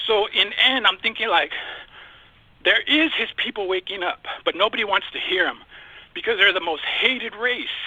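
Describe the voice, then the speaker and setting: A man's voice: sits high, animated, a little fast, sharp tone, husky, no room sound, muffled recording. A man speaking as a guest in a casual podcast discussion, passionate and emphatic, often repeating himself.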